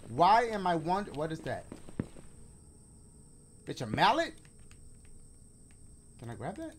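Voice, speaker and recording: A man doing let's play commentary on a game, slangy and joking, talking to the viewers. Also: sits high. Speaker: gaming YouTuber.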